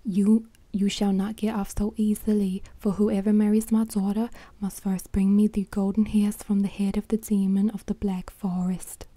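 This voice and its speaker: A woman's voice: medium pitch, little pitch movement, normal speed, few pauses, warm tone, dry recording, natural voice. A woman voicing a stern, angry old king in a whispered role-play.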